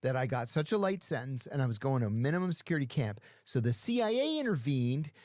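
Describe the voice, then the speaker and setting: A man's voice: mid-range voice, very animated, fast, darkish tone, no room sound, studio quality. A middle-aged man telling stories in casual talk, acting out other people's lines as he goes. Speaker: podcast guest. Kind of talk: casual storytelling.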